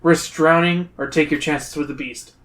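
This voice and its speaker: A man with a somewhat high voice reads a gamebook aloud to his friends. He lays on drama and playful emphasis, treating the reading like a casual performance. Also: steady tone, moderate pace, a bit bright.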